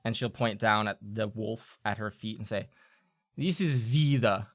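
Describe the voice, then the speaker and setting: A man acting as game master, narrating a tabletop game in a halting, filler-heavy way. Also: fairly low pitch, completely flat delivery, fairly bright tone, no echo, studio quality.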